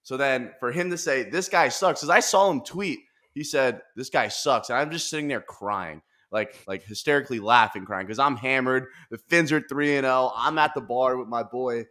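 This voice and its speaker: A man hosting a casual podcast, talking in animated, profane rants with bursts of laughter. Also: mid-range voice, normal speed, hardly any pauses. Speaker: podcast host.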